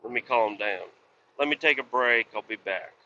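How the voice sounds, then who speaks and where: Profane ranting trucker man, bright voice. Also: medium pitch, moderate pace, dull audio, a little hiss or hum. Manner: profane, ranting at other drivers. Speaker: truck driver. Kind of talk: casual driving vlog. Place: inside a truck cab on the highway.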